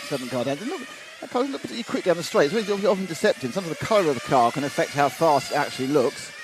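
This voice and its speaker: A man's voice: on the high side, sing-song, very fast, music in the background. A man commentating live on a model car race, chatting and rambling through viewer comments at an outdoor track. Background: engine noise.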